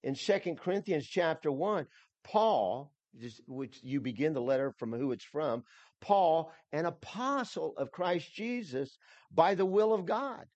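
A man's voice: fairly high pitch, lively intonation, measured pace, a little mellow, dry recording. A man preaching an expository sermon, emphatic and repeating himself, with frequent restarts. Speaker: pastor.

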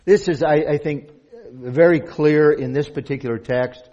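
A male pastor preaches earnestly and often repeats himself as he restarts his phrases. His voice sits fairly high for a man, and the recording sounds dull and lo-fi. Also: moderate pace, warm tone. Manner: earnest, with frequent repetitions and restarts. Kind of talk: sermon.

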